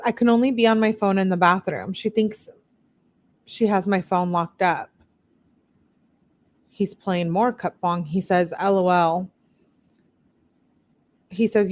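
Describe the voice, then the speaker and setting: A true-crime commentator, this woman has a medium-pitched, darkish voice. She reads text messages out loud, voicing the quotes a little higher and pausing for blunt, candid asides.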